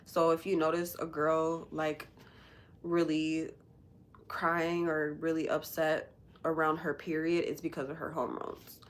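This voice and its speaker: A woman hosting a casual livestream talks candidly and bluntly, rambling with many fillers and sounding emotional after having recently cried. Her voice is low, and her delivery is flat and measured.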